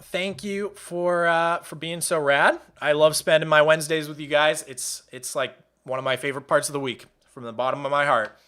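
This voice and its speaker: A man's voice: on the high side, fairly even intonation, fairly quick, few pauses, bright, forceful tone. A young man chatting casually with his live-stream audience, rambling and often restarting his sentences. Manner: rambling, with frequent restarts and laughs.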